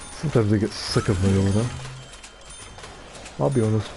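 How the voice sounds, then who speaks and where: A man's voice: on the low side, unhurried, creaky, noisy background. A tired young man with a Scottish accent chatting casually while playing online, rambling and joking with plenty of swearing. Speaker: gamer streaming online matches. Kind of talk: casual chat while gaming.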